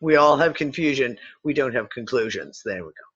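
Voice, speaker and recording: A man's voice: medium pitch, lively intonation, fairly quick, a bit bright, slightly rough, dull audio. A man hosting a casual online discussion, rambling and swearing freely as he talks. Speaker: host.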